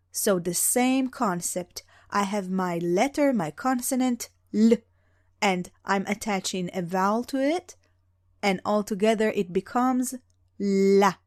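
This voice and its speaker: A woman's voice: mid-range voice, darkish tone, no echo, clean studio sound. A young woman teaching beginners how to read, explaining patiently and drawing out example sounds. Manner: patient, drawn-out demonstrations of sounds. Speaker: Hebrew teacher.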